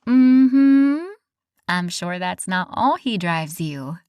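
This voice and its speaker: A woman's voice: lively intonation, a little slow, no room sound, clean studio sound. A woman voicing a petite, smug young woman who teases her friend with a drawl in an audiobook. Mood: teasing. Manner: teasing, drawling, higher and louder. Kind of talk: audiobook character voice.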